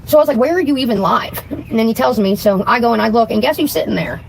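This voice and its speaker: A woman's voice: a little high, expressive, fast talker, vocal fry, slight background noise, low-quality recording. A woman ranting angrily on her livestream, blunt and dismissive, cursing heavily. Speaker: live streamer. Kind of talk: angry casual livestream rant.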